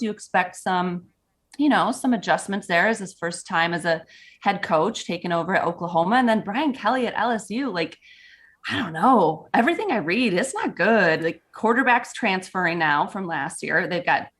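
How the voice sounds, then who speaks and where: A woman who works as a sports broadcaster, co-hosting a casual sports talk show in a chatty, animated way. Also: mid-range voice, moderate pace.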